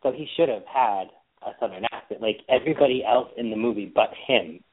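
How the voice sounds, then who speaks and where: A man's voice: fairly low pitch, a little fast, breathy edge. A man co-hosting a podcast, chatting casually in a sassy, playful, teasing way. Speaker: podcast co-host. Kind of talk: casual gossipy chat. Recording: tinny phone-like line.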